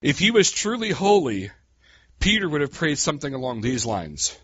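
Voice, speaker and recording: A man preaching a sermon in a folksy, animated way, calling his listeners "guys" and swinging from quiet asides to loud cries. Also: on the high side, normal speed, slightly rough, dry recording, muffled recording.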